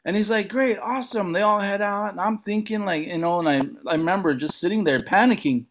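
Comedian guest from Montana, slightly high voice, casual and animated, acts out the other people in his story. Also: a little fast, slight background noise. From Montana reservation. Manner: animated, acts out quoted voices with big pitch jumps.

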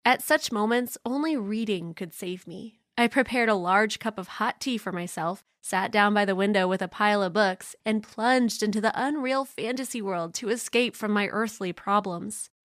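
A young woman telling a first-person story in an even, measured scripted reading. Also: medium pitch, dry recording, studio quality.

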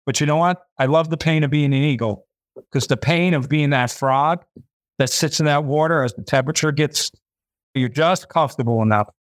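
A man with a fairly high voice talks with fervent, preachy intensity, circling back over his points. The sound is close and dry, with no room around it. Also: normal speed, no room sound. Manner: fervent, preachy, repeats himself; voices imagined listeners. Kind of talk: impassioned faith talk.

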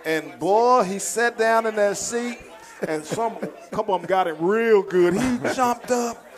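High-voiced man telling loud locker-room stories. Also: measured pace. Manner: animated storyteller, laughs often, acts out a coach's outbursts. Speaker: former football player guest. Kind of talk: storytelling in casual chat.

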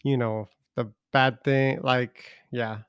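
A man's voice: mid-range voice, steady tone, slow, clear, resonant tone, no room sound, clean studio sound. A man co-hosting a podcast, talking in a laid-back, hesitant way. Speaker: podcast co-host. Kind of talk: casual chat.

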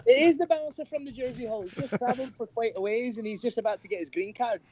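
A man's voice: extremely high pitch, fast talker, darkish tone, pitched above the performer's own voice. A man putting on a rambling mock-Scottish bouncer. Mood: earnest. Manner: rambling, self-amused. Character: male nightclub bouncer putting on a rough Scottish-English accent. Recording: dry, muffled lo-fi audio.

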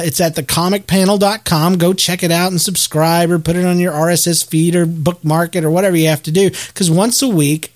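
A man in his thirties hosts a casual solo podcast in a slightly high voice. He rambles, restarts his sentences and jokes at his own expense. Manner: rambling, self-deprecating, many restarts. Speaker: podcast host.

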